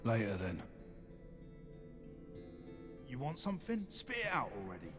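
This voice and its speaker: An actor with a British accent playing a curt, prickly ghoul ammo merchant in video game dialogue, with short, guarded replies. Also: male voice, medium pitch, huge pitch swings, unhurried, fairly bright tone, soft background music.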